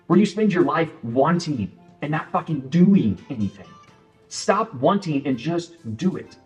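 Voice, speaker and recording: Male motivational speaker, high-pitched voice, blunt and profane, faint music underneath. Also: animated, measured pace. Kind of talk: motivational monologue.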